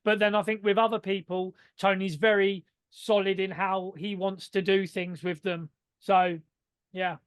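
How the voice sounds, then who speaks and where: A man with a notably high voice chats on a podcast in a very dry, close-miked sound. He is animated and sweary, piling on fillers. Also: measured pace, smooth, no room sound. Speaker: podcast co-host. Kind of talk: casual chat.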